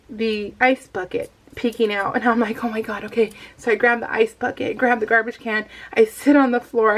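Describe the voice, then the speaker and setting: This scrapbooking vlogger, a middle-aged woman, speaks a little high and narrates a story in a relaxed, talkative way over poor audio. She laughs a lot, and occasional coughs slip in because she's recovering from tonsil surgery.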